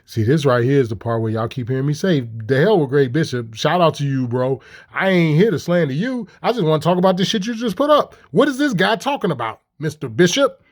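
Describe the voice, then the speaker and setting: A man with a high voice rants in heated, profane commentary. He mocks his targets with one rhetorical question after another. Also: sing-song, a little fast, few pauses. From Chicago. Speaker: commentator reacting to clips.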